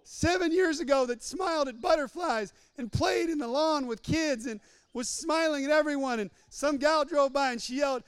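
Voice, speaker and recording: High-voiced, playful male preacher. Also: moderate pace, no echo, clean studio sound. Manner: acts out little scenes in different voices; repeats phrases for emphasis. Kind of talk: humorous sermon.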